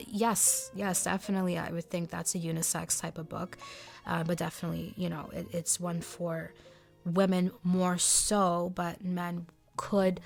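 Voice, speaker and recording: A woman talking casually through book recommendations, rambling with fillers and self-corrections and dropping into soft whispered asides. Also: on the low side, creaky. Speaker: book review vlogger. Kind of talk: casual chat.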